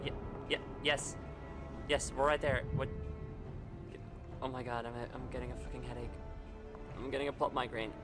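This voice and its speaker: A man's voice: mid-range voice, level tone, normal speed, pauses often, over music. A man streaming a video game, chatting jokily and profanely over the story. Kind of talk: casual gameplay commentary.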